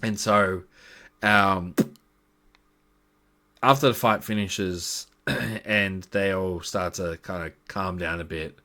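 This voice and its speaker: Brief: a low-voiced man as game master, giving a loose, rambling recap of a tabletop campaign. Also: slow, long pauses, pushed and bright. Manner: rambling, with many fillers.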